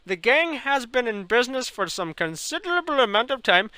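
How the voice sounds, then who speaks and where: A man's voice: very high-pitched, sing-song, brisk, sharp tone, clear, resonant tone, no echo, voice pushed up, exaggerated voice. A man reading a newspaper notice aloud in a put-on, exaggerated Indian accent with a sing-song, pompous delivery. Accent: mock Indian.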